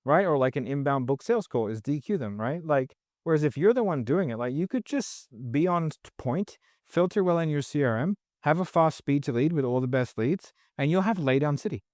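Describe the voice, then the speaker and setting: A man's voice: a little high, animated, a little fast, few pauses, darkish tone, dry recording, studio quality. A man as a podcast guest, talking in a rambling, blunt way full of swearing and filler words. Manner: rambling, blunt and profane, heavy use of "like". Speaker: sales trainer guest. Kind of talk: casual podcast conversation.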